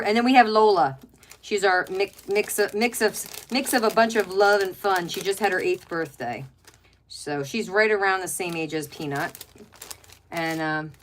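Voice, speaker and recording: A middle-aged woman with a medium-pitched, slightly bright voice hosts a home craft livestream through a webcam mic. She chats casually with lots of fillers, rambling, gushing over pets, and reading viewer comments aloud.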